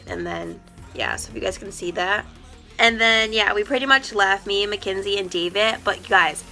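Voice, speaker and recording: A young woman vlogger telling a story in a chatty, excited way, peppering her sentences with "like.". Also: mid-range voice. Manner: chatty, excited, full of "like" fillers. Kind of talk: casual storytime.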